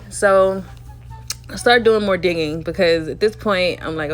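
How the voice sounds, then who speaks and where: Gravelly-voiced young woman telling a story. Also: on the low side, a little slow. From Alabama. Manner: chatty, leans on "you know", laughs often. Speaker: dating story vlogger. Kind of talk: casual storytelling.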